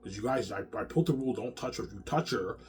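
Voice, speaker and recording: A man's voice: lowish voice, fast. Agitated, profane man rambling. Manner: agitated, profane, repeats words. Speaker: vlogger. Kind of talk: rambling monologue to the camera.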